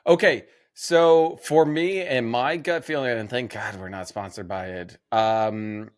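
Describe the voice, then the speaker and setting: A man's voice: medium pitch, fairly even intonation, a little slow, dry recording, clean studio sound. A man co-hosting a sports podcast in casual chat, jokey and steering the topics, often restarting his sentences. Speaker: podcast co-host.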